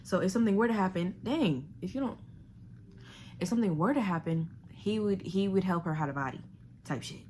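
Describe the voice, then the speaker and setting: A young woman, chatting animatedly at home as she reviews a thriller she just read and sometimes dropping to a hushed whisper. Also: medium pitch, expressive, a little fast, a little hiss or hum. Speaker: book vlogger. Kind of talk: casual chat reviewing a thriller. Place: home living room.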